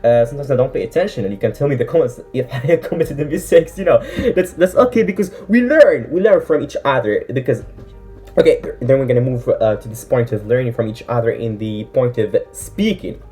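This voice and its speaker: A woman with a very deep, mellow voice, whose first language is Arabic, gives casual vlog advice. Her pitch moves about with lively ups and downs. She sounds earnest and encouraging, with plenty of fillers and restarts, over faint background music. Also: fairly quick. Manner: earnest, encouraging, many fillers and self-corrections. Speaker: English-learning vlogger.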